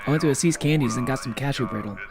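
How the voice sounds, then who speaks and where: A man's voice: medium pitch, racing, a crowd in the background. A young man chatting casually with his viewers while streaming a game, rambling with lots of fillers. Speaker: gaming streamer.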